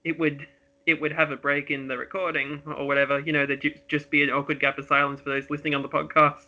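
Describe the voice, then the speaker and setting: A man's voice: fairly high pitch, flat delivery, fast talker, bright, forceful tone, lo-fi sound. A man co-hosting a podcast, chatting easily about films and thinking aloud. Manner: easygoing, chuckling, thinks aloud. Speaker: podcast co-host. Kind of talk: casual film chat.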